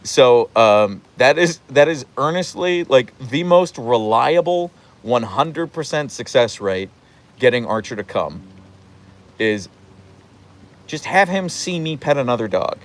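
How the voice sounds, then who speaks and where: A chatty man talking outdoors in light rain during a casual live stream. His pitch leaps up and down freely as he answers viewers' questions, and the middle of his voice sits at an ordinary height. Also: measured pace. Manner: chatty and animated, acting out his dogs in funny voices. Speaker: host answering live chat.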